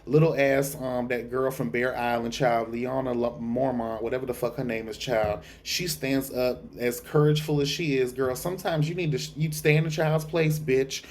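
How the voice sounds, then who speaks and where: Rich: A tired man dishing on a TV episode with sassy, profane, gossipy flair. His voice sits at a middling pitch, with faint noise in the background. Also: fairly even intonation, normal speed, hardly any pauses, darkish tone. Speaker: TV reviewer. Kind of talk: casual review vlog. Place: dark room at home.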